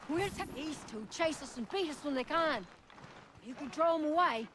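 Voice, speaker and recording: An actress playing a poor street beggar in a video game, begging in a weary way. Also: female voice, sits high, expressive, moderate pace, background noise.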